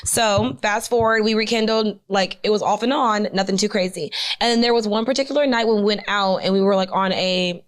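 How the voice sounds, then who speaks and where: A young woman co-hosting a podcast, telling a story in casual chat, animated and profane, full of "like" and "I'm like.". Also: mid-range voice, fairly quick, few pauses. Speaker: podcast co-host.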